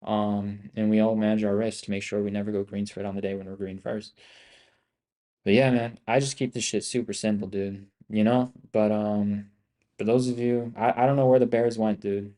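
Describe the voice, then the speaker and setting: A young man talks casually over a trading live stream, looping back over the same boasts and swearing freely. His voice sits on the low side with a dark, mellow tone. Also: level tone, normal speed. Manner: rambling, profane, boastful and repetitive. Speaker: live-streaming options trader.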